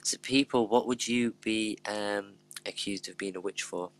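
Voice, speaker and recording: A man's voice: fairly low pitch, fairly even intonation, moderate pace. A man hosting a casual chat, joking, laughing and swearing often. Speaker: host.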